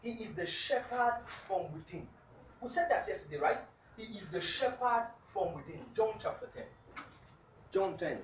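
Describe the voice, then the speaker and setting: A preacher with a medium-pitched, lively voice reads scripture at a moderate pace, punctuating almost every point with "hallelujah" and quizzing the congregation. He sounds far away in an echoey room with background noise.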